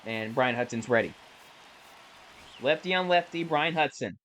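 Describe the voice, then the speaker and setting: A man's voice: mid-range voice, measured pace, a little hiss or hum, low-quality recording. Chatty man calling his own ball game. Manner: chatty, self-correcting, excitable on big plays. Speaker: gaming YouTuber. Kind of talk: casual play-by-play while gaming.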